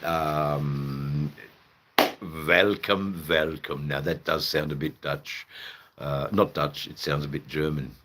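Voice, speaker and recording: Australian male streamer, very deep, slow, rambling casual chat with viewers. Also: level tone, very noisy. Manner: rambling, chatty, swears casually. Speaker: live streamer.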